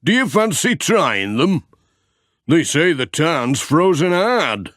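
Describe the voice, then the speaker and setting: Male reader doing a homely older handyman in a storybook, slow, slightly raised. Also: fairly high pitch, sing-song, a bit bright, dry recording, clean studio sound, voice pushed up, exaggerated voice. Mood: easygoing.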